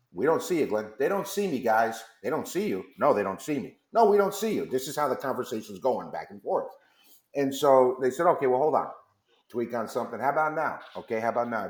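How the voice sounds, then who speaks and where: In an echoey radio studio, a man in a mid-range voice, a company founder appearing as a guest, tells a long story while acting out the back-and-forth of phone calls.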